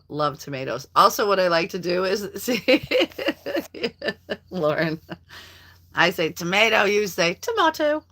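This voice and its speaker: A woman's voice: lowish voice, pushed and bright. A middle-aged woman hosting a casual live stream, chatting with viewers by name and laughing often. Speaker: livestream host reading viewer comments.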